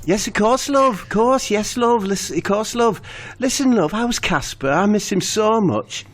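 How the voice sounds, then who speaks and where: A man's voice: sits high, lively intonation, normal speed, fairly bright tone, pitched above the performer's own voice. A man voicing a timid, fawning middle-aged football manager in a comedy podcast sketch, anxious and eager to please.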